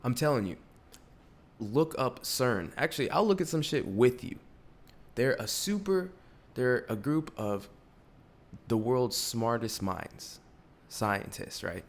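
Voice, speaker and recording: A man in his twenties hosting a podcast in casual, profane chat. He gets excitable, laughs often and swings between loud bursts and low mutters. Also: slow, creaky, pauses often. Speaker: podcast host.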